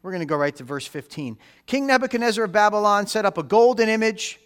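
A man delivers a sermon in a relaxed, conversational way, with a voice a little higher than most men's. He keeps checking in with his listeners through rhetorical questions and drives points home by repeating key phrases. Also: fast talker, clear, resonant tone. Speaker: pastor.

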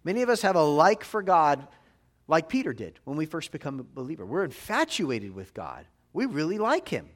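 Lively conversational male rabbi preaching. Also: fairly high pitch, normal speed. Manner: conversational preaching, frequent tag questions. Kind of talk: sermon.

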